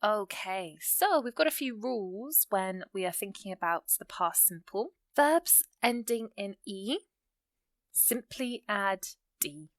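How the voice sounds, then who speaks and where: A woman explains English grammar patiently and calmly at an ordinary middle pitch. She reads her example sentences slowly, stressing the key words, and the recording is close and dry.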